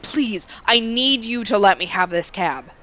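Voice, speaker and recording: A man's voice: high-pitched, lively intonation, a little slow, sharp tone, slight background noise, full character voice. A woman voicing a desperate begging man. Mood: pleading. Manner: pleading, earnest, begging. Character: desperate pleading young man.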